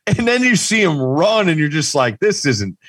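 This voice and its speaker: A man's voice: on the high side, very animated, measured pace, fairly bright tone, no room sound. A man co-hosting a casual sports talk show, rambling with many restarts and fillers. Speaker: co-host.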